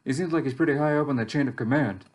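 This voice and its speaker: A man's voice: medium pitch, very fast, darkish tone, lo-fi sound, lightly acted. A man reading aloud as a lost, anxious young survivor in a text game, reflective and wry, with faint game music behind. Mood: musing. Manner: reflective, rises sharply when alarmed.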